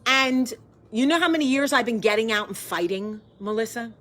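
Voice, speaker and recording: A woman's voice: on the high side, lively intonation, moderate pace, background noise. A woman from the hosting a casual live video chat with viewers, effusive and chatty. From American South. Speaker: host.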